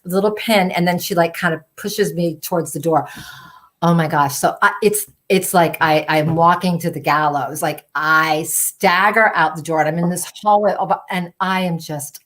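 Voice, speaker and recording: Animated woman telling a story. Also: on the low side, normal speed. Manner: animated, frequent "like" and "you know" fillers. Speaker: storytelling show host. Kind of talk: personal storytelling.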